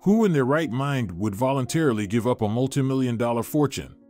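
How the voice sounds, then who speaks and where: A man's voice: medium pitch, lively intonation, brisk, darkish tone, faint music behind, natural voice. Man reading as a cold scornful sister. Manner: cold and mocking, read plainly. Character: scornful young woman, greedy domineering sister.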